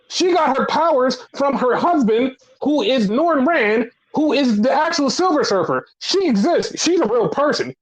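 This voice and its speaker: A man's voice: sits high, low-quality recording. A man hosting a wrestling podcast, swearing freely as he goes on a heated rant in casual commentary. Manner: profane, heated ranting.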